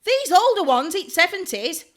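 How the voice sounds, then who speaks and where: A woman's voice: very high voice, a little slow. A young woman, chatting casually on a podcast and acting out quotes as she tells stories. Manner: animated storyteller, acts out quotes. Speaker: podcast co-host, hairdresser. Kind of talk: casual chat.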